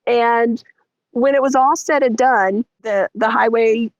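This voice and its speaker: A middle-aged woman, telling a story as a guest in an interview, animated and vivid. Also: slow pace, no room sound, muffled recording. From Texas. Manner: animated, vivid storytelling with lots of pitch swings.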